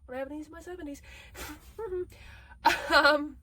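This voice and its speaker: A young woman talking in a casual confessional video diary, rambling and animated, swearing freely as she works through her thoughts. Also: high voice, measured pace, dry recording. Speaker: video diarist.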